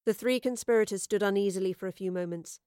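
Woman narrator, measured and soft, close dead mic. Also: mid-range voice, clear, resonant tone, no echo. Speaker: audiobook narrator. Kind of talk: storybook narration.

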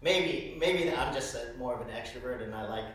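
Animated male pastor in an echoing hall. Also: medium pitch, moderate pace. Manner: animated storytelling, frequent rhetorical "right?". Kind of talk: sermon. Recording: echoey hall, distant mic.

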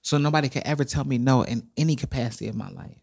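A man co-hosting a podcast, talking in an animated, dramatic and emotional way, close to tears at times. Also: mid-range voice, quick pace, vocal fry, breathy edge. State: tearful. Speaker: podcast co-host. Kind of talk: casual podcast chat.

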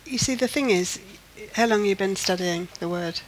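A woman's voice: mid-range voice, moderate pace, a little hiss or hum, low-quality recording. An older woman leading a Bible study, teaching in an earnest, emphatic way and repeating phrases to drive her point home.

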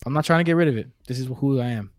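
A man with a New York accent hosting a podcast in casual chat, telling stories with a joking, animated manner. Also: medium pitch, very fast, no room sound, studio quality. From New York City. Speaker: podcast host.

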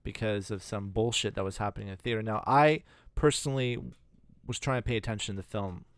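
Male podcast co-host, lowish voice, dry close mic, loose filler-heavy storytelling. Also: fast talker, clear, resonant tone, no echo. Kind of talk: casual chat.

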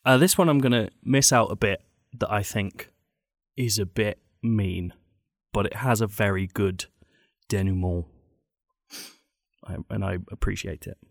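A man's voice: on the low side, unhurried, gravelly, no echo. A man hosting a podcast, reading out listener stories with dry, mock-gloomy asides. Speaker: podcast host.

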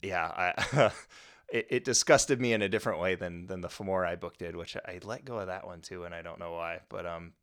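A man co-hosting a casual podcast chat, with a voice sitting a bit low for a man. He talks in an easygoing, rambling way and reminisces fondly. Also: normal speed, fairly bright tone. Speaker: podcast co-host.

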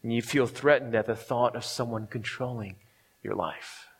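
A male pastor delivers a sermon in a relaxed, conversational way, chuckling often and checking in with his listeners. His voice sits at an ordinary middle pitch. The sound carries the long reverb of a large hall. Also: normal speed, slightly rough. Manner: conversational, chuckles often, keeps asking "right?".

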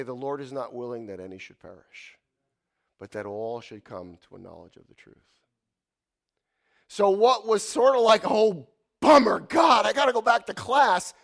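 A man in his fifties preaching a sermon in a church, animated, swinging from loud exclamations to hushed asides. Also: medium pitch, normal speed, gravelly. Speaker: pastor.

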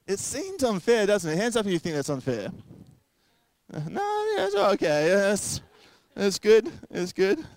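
A man's voice: high-pitched, big pitch swings, measured pace, darkish tone, no echo. A young man preaching a sermon in a casual, joking way, acting out quoted voices along the way. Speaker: pastor.

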